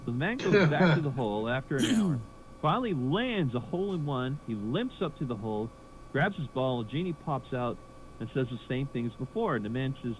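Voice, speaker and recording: Lively man telling a joke. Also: mid-range voice, a little fast, highs cut off, slight background noise. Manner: lively storyteller, laughs at own punchline. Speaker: comedian telling a joke, then handing to next act.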